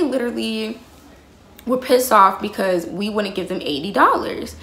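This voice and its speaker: A woman's voice: mid-range voice, expressive, moderate pace, a bit bright. Heated profane woman vlogger ranting. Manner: heated, profane, addresses viewers as y'all. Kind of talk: storytime rant to viewers. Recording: roomy echo.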